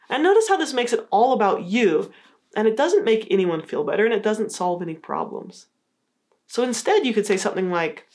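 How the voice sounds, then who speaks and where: A woman's voice: mid-range voice, lively intonation, fairly quick. A woman giving an explanatory talk on communication skills, coaching the listener and acting out example phrases.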